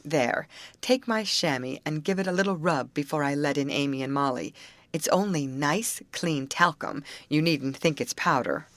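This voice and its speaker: A brisk, take-charge teenage girl, as a woman reads her in a storybook, coaxing and firm with her friends. The voice sits low for a woman and is lifted a little for the part, in a dry, close sound. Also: a bit bright, dry recording. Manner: brisk and firmly cheering.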